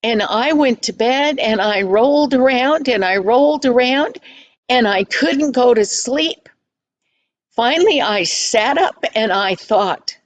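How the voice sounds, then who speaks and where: A cheerful, joking grown man in a storybook tale, voiced by a woman reading aloud. He speaks slowly and chattily, with a teasing manner. The voice sits somewhat high and close, with little room sound. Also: no room sound. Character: jovial uncle, a grown man, playful.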